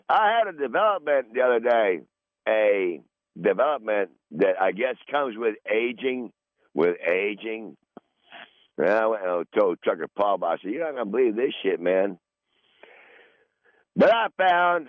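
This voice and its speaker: Sixties male podcast host, profane rambling monologue, lowish voice, dull dry recording. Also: dry recording. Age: 60s. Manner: profane, rambling, repeats himself.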